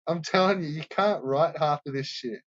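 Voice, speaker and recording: Man, casual sweary commentator, a bit high-pitched, lo-fi sound. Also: moderate pace, fairly bright tone, no echo. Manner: profane, rambling, laughs often.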